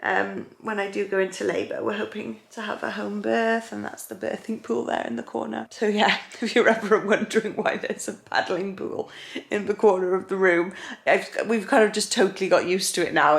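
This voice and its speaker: A woman's voice: mid-range voice, steady tone, normal speed, vocal fry, echoey room. A young woman, heavily pregnant, chatting casually to camera at home and sounding a little out of breath. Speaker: vlogger. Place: living room at home.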